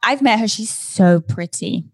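A woman's voice: medium pitch, lively intonation, measured pace, breathy edge, no room sound. Woman, interview host, chatty, candid, dry close sound. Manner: chatty, laughing, candid with swearing. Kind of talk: casual interview chat.

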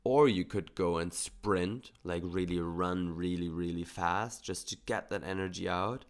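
Low gravelly man, calm coaching talk. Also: a little slow. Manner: calm, earnest, coaching tone with casual swearing. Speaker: podcast host. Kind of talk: reflective solo podcast talk.

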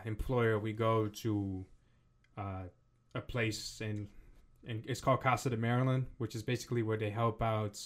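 A young man with a slightly low voice holds the mic on a casual podcast. He tells stories the rambling way friends talk, full of slang and cursing, and keeps circling back to his point. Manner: rambling, profane storytelling with slang. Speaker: podcast co-host.

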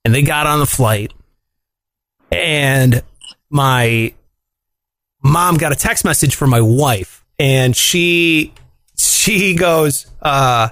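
Young guy, podcast co-host, lively swings in pitch, dry close mic, casual storyteller. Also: slow, pauses often, dry recording. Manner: animated storyteller, swearing, lots of "like" and "dude". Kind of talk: casual chat.

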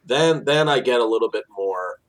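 A man's voice: medium pitch, animated, normal speed. A man from New Jersey with a New Jersey accent, a tour guide telling stories in a casual interview with lots of fillers and restarts. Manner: storytelling, frequent fillers and restarts.

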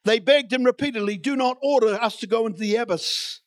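A man's voice: extremely high pitch, fairly quick, no room sound. A man preaching a sermon in a church, reading scripture and building to emphatic, repeated declarations.

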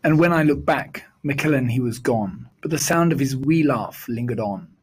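A man reciting a rhyming children's poem in a measured, sing-song storytelling delivery. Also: mid-range voice, expressive, slightly rough.

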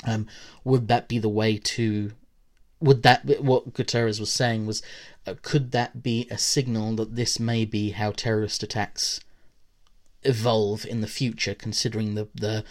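A man's voice: flat delivery, measured pace. Man reading an academic essay aloud. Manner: reads aloud with quotes and brief casual asides; rises in pitch and volume at new points, then trails off. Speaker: podcast host. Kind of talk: reading a prepared essay on politics.

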